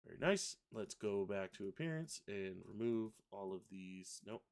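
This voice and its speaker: A man hosting a live software tutorial, thinking aloud and correcting himself as he works. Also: fairly low pitch, expressive, normal speed. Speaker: software livestream host. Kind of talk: casual live software demo.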